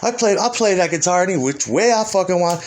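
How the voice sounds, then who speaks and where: A man's voice: sits high, expressive, fast talker. A man, a musician, in a rambling and profane rant, combative and heated. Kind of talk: ranting monologue.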